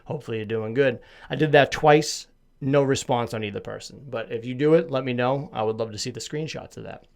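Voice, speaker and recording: A man's voice: medium pitch, fairly quick, vocal fry. A man from Massachusetts hosting a solo podcast, chatting casually in a rambling, self-deprecating, jokey way with a slight lisp. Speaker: podcast host.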